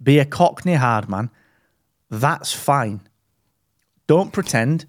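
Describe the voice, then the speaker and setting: A man co-hosting a podcast, chatting in jokey, animated banter. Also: mid-range voice, slow pace, no room sound, clean studio sound. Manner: jokey, animated, slips into mock impressions. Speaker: podcast co-host. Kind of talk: casual banter.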